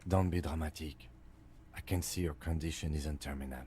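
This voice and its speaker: Curt police lieutenant, low voice, dry, measured, video game. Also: male voice, fairly even intonation, warm tone, slight background noise.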